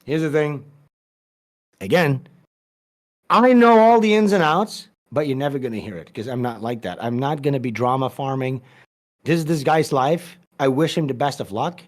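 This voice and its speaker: A man's voice: medium pitch, moderate pace. A man guest on a podcast, telling a long story in casual, profane, rambling talk with many restarts.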